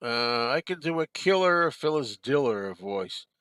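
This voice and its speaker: A man's voice: mid-range voice, lively intonation, a little slow, fairly bright tone, clean tone, no echo. A man hosting a live stream from his desk at home. He chats casually and reads out viewer comments, answering them in an easygoing way and chuckling often. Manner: easygoing, chuckling, talks back to chat.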